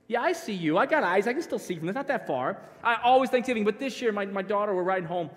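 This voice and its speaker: High-voiced joking pastor in a hall. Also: male voice, fast talker, few pauses. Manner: joking, animated storytelling with the crowd. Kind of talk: youth conference sermon. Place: church sanctuary. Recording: long hall reverb.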